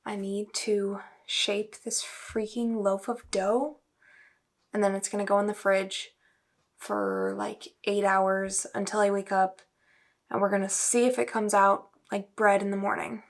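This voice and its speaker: A woman's voice: mid-range voice, a little slow, gravelly. A young woman in her home kitchen, chatting casually and self-deprecatingly as she narrates her baking vlog. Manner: chatty and self-deprecating, bursting into excited squeals. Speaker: vlogger.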